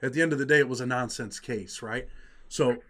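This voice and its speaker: Fast-talking man interview host. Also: mid-range voice, fairly bright tone. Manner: quick, casual follow-up questions. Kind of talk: casual interview questions.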